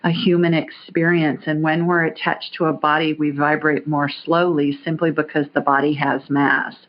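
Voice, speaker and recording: Woman host running a call-in show, lower voice, encouraging and animated, dull lo-fi sound. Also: moderate pace. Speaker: podcast host. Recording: muffled lo-fi audio.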